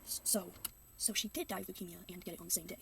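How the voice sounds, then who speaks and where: Fast-ranting sarcastic young woman. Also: fairly low pitch, steady tone, a bit bright, distant mic, a little hiss or hum. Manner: sarcastic ranting, jumps into mocking voices. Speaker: reaction youtuber. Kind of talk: casual reaction commentary.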